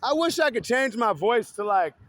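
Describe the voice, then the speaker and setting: A man's voice: very high-pitched, very animated, moderate pace, fairly bright tone. A man talking in a casual, rambling vlog monologue, swearing freely and often breaking into laughter.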